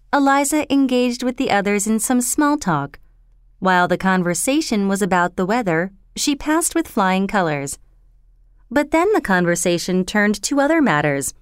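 A woman narrating a storybook in an expressive, steady reading voice. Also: mid-range voice, smooth, no echo, studio quality.

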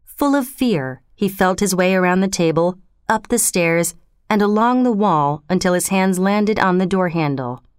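A woman narrating an audiobook in a measured, expressive reading. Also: mid-range voice, smooth, no room sound, studio quality.

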